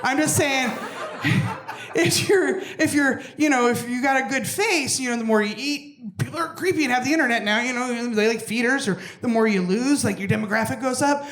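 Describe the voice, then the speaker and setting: A woman's voice: sits high, normal speed, echoey room. A young adult woman doing a stand-up routine on a comedy club stage, brash and swearing, acting out other people with big jumps in her voice.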